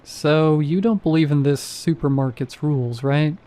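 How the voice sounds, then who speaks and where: Man playing a deadpan security guard, flat and bored, mellow low-lit tone, horror storytelling. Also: moderate pace, natural voice. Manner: flat, almost bored delivery. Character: flat, apathetic male supermarket security guard.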